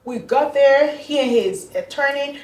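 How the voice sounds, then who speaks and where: A woman tells her own story as an interview guest, animated and slipping into the voices of the people she quotes. Her voice sits fairly high. She sounds distant from the mic, in a room that echoes. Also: unhurried. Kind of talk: emotional personal storytelling.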